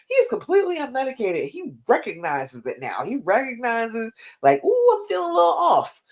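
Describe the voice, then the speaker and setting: A woman relationship coach hosting a live-stream advice chat, talking to viewers in an emphatic, animated way. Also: on the low side.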